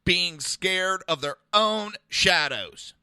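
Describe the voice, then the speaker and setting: Brief: male podcast host, high-pitched, dry close sound, aggressive and crude commentary. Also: animated, slow, bright, forceful tone, clean tone, no room sound. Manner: aggressive, profane, mocking. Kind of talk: political commentary rant.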